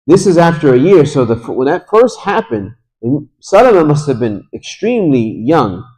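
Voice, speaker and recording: A man's voice: a little high, sing-song, moderate pace, a little mellow, rough recording. A man teaching a lesson in a mosque, retelling a story conversationally and with feeling, quoting Arabic and then translating it. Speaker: religious teacher.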